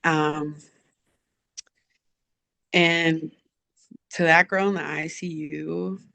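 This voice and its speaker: A woman's voice: low voice, steady tone, drawn-out words, creaky, sharp tone, no echo. A woman coach as an interview guest, answering in an earnest, reflective, heartfelt way.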